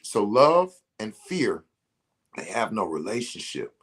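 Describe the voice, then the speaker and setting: A man's voice: lowish voice, sing-song, slow, fairly bright tone, breathy edge. A man leading a motivational spiritual talk, preaching emphatically and speaking straight to his listeners as a ceremony facilitator.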